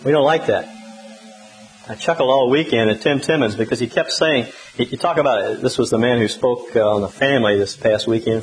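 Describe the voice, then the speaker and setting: A man's voice: medium pitch, slight background noise, rough recording. Male pastor, mid-range voice, chatty humorous sermon delivery. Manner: conversational, humorous storytelling with lively emphasis.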